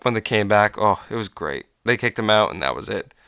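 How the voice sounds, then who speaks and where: A man's voice: lowish voice, animated, brisk, gravelly, sharp tone, smooth, dry recording, clean studio sound. A young man hosting a casual podcast, telling a story in a rambling, profane way with many restarts and laughs. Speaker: podcast host.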